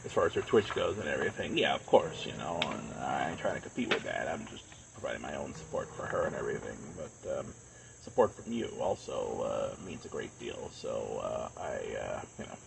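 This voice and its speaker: A man's voice: extremely low pitch, big pitch swings, a little fast, creaky, background noise. A man chatting casually on a live stream, rambling and earnest, with plenty of fillers.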